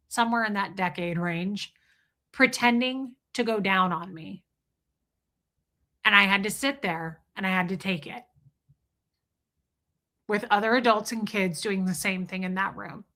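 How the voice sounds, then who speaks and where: Woman livestream host, bright and sharp-toned, blunt and confessional. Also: mid-range voice. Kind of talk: casual livestream talk with chat shout-outs.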